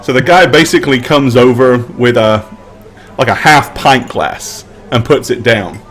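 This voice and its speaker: A man narrating a tabletop game as game master, relaxed and given to laughing asides. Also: mid-range voice, unhurried.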